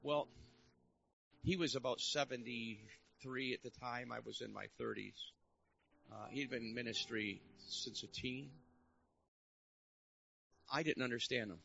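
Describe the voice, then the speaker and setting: A man's voice: mid-range voice, a little slow, vocal fry, long pauses, bright, forceful tone, highs cut off, a little hiss or hum. An older man preaching a storytelling sermon in a church service, earnest and building to fervent exhortation.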